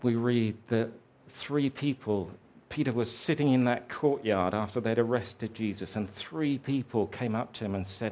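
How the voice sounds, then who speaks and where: A man preaching a sermon, telling a story slowly and reflectively, raising his voice for the quoted lines. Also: mid-range voice, a little mellow, a little hiss or hum.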